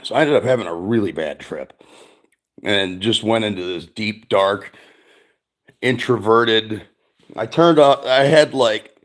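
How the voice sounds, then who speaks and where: A man's voice: fairly low pitch, a little slow, pauses often, fairly bright tone. A middle-aged man hosting a stream, rambling through a casual chat with lots of swearing and frequent laughs. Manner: rambling, profane, laughs often. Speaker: streamer host.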